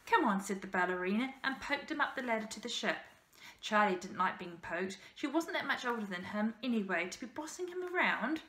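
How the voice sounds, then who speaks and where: A woman teacher reading a children's novel aloud in steady storybook narration, with small slips. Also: mid-range voice, brisk. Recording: roomy echo.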